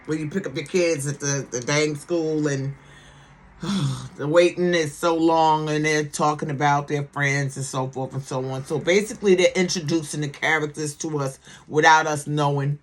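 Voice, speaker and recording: Reviewing a TV series casually, a woman speaks in a low, steady voice at a moderate pace. She's sassy and emphatic, repeating words for emphasis and checking in with the listener by asking "okay?" to get agreement.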